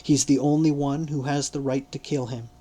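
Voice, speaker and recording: A man's voice: medium pitch, steady tone, moderate pace, mellow, breathy edge, lightly acted. A man reading an audiobook voicing an agitated temple servant announcing news urgently.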